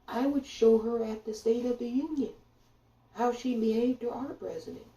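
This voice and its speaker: Her voice dark and gravelly with a mellow low end, a political commentator launches into a blunt, indignant, profane rant addressed directly to her audience. She talks at normal speed, off-mic in an echoing room, through a distant mic and dull audio.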